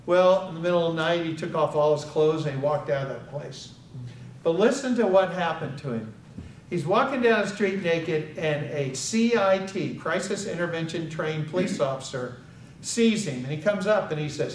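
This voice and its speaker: A man's voice: on the high side, normal speed, a little hiss or hum. A man, a guest speaker and author, telling a personal story at an event and acting out the dialogue. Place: indoor event hall. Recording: echoey hall, far from the mic.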